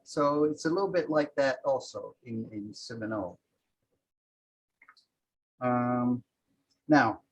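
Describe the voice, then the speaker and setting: A man's voice: mid-range voice, husky, rough recording. A man teaching a language class, patiently explaining grammar and demonstrating example phrases aloud.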